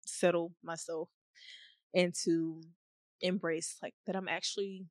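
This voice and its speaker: A young woman hosting a faith-based podcast, talking in a rambling, heartfelt way with many fillers, at times near tears and laughing softly. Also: lowish voice, flat delivery, a little slow, no room sound, studio quality. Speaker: podcast host.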